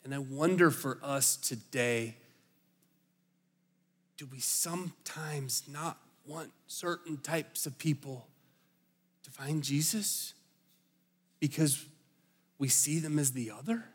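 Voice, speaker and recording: A male pastor preaching a sermon, talking in a chatty, storytelling way and often restarting his words. His voice sits a little high. It rings out with a long reverb, as in a big hall. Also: slow pace, long pauses, husky. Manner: conversational, animated storytelling with slips and restarts.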